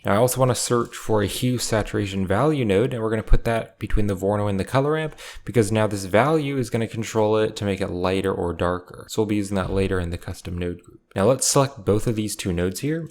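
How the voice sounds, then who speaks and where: A man narrating a step-by-step software tutorial in a calm, methodical way, explaining each click as he goes. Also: fairly low pitch.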